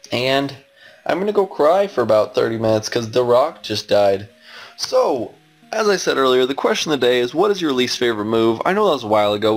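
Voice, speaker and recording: A man's voice: mid-range voice, gravelly. A young man giving casual let's-play commentary as a gaming YouTuber, exasperated and exclaiming as he rambles on.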